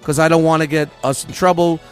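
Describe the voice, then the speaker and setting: A man's voice: a little high, steady tone, fast talker, a little mellow, faint music behind. A man co-hosting a live stream, laid-back and swearing casually. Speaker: podcast co-host. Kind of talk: casual chat.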